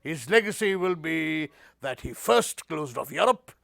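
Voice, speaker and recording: A man as a comic guest playing an English lord, delivering dry one-liners in a gravelly voice. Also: on the high side, animated, measured pace, fairly bright tone.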